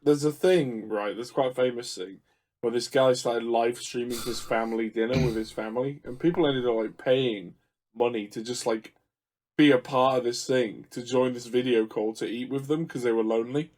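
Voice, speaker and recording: A man's voice: mid-range voice, steady tone, moderate pace, a little mellow. Teasing man in podcast banter. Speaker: podcast co-host. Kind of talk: casual chat.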